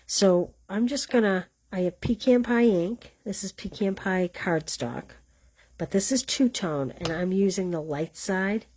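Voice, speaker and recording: A woman's voice: medium pitch, a little slow, darkish tone, slight background noise. A woman with a Boston accent hosting a live card-stamping class, chatting and teasing herself while she explains each step. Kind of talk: live craft demonstration.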